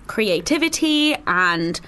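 A woman's voice: medium pitch, very animated, takes it slowly, pushed and bright, clean tone. A woman hosting a radio show, chatting casually and giggling, with lots of fillers. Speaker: radio host. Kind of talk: casual chat. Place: radio studio.

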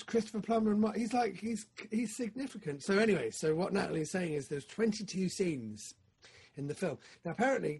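A man co-hosting a podcast, chatting casually about films, excitable and rambling with lots of fillers. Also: fairly high pitch, slightly rough. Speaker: podcast co-host. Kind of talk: casual film chat.

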